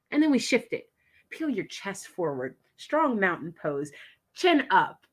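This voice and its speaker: A woman guest giving an energetic, emphatic motivational pep talk. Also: medium pitch, a little slow. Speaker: guest coach.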